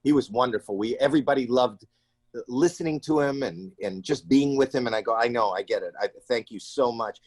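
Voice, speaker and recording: A comedian guest in an interview, telling stories in an animated way and acting out the people in them with sudden shrill cries. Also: male voice, fairly quick, no room sound. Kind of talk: animated storytelling in a casual interview. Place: home.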